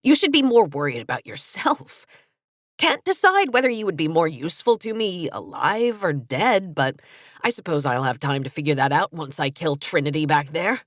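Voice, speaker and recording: A woman's voice: deep voice, big pitch swings, normal speed, no echo, clean studio sound, voice pushed down. A woman voicing a cold, scheming male villain who taunts his captives. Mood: smug. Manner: sneering, taunting.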